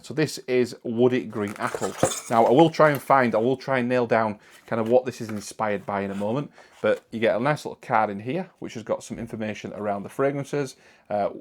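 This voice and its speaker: A man with a Northern English accent hosting a casual product review, chatty and relaxed with frequent ums and uhs. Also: mid-range voice.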